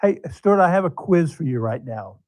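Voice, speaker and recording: A man from Tennessee hosting a casual radio interview, chatty and quick to laugh, with a self-deprecating way of talking. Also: fairly high pitch, lively intonation, darkish tone, no echo, low-quality recording. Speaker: radio guest host.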